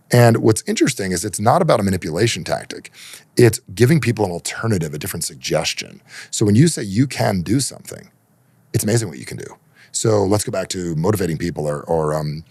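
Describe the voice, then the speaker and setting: A man coaching on human behavior as a podcast guest, emphatic and persuasive, acting out dialogue in animated raised voices. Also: on the low side, quick pace, gravelly, breathy edge, no echo.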